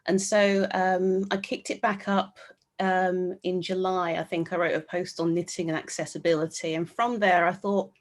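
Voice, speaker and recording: A woman's voice: on the low side, level tone, normal speed. A woman with a British accent, a knitwear designer guest in a casual interview, speaking thoughtfully with many hesitations. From England.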